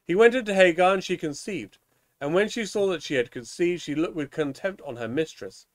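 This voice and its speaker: A man leading evening prayer, reading psalms and scripture in a measured, solemn way, now and then tripping over a word. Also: high-pitched, animated.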